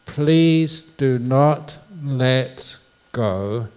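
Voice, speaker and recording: Playful monk telling stories in a talk. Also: male voice, medium pitch, extremely slow, darkish tone, clean tone. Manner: playful storyteller, jokes with the audience. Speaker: Buddhist monk giving a public talk. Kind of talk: public dharma talk with stories. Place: university lecture hall.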